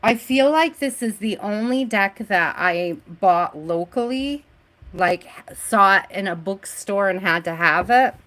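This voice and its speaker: A woman tarot reader talking on a live stream at a slow, relaxed pace. Her chat is loose and friendly and broken up by frequent laughter. She greets her viewers one by one as she builds a list. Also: medium pitch.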